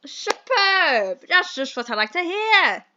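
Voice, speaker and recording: A woman voicing a fussy, flowery old-fashioned gentleman in a dating sim, with a put-on British accent and a pompous, theatrical manner. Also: extremely high pitch, sing-song, slow pace, highs cut off, background noise, full character voice.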